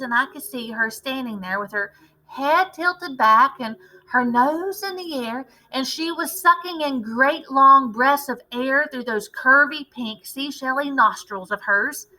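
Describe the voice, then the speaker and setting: A teacher reading a children's novel aloud with expressive, animated narration. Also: female voice, high voice, poor audio. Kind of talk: storybook read-aloud narration.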